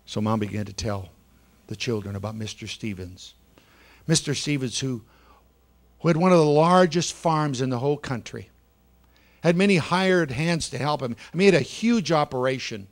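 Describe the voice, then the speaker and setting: A male preacher tells a story to a church congregation with a dramatic flair. He drops to a hush and then rises, stretching out key words. His voice sits in the middle of the male range. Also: medium pitch. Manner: dramatic storyteller, shifts between hushed and loud, slows for effect. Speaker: preacher telling a children's story.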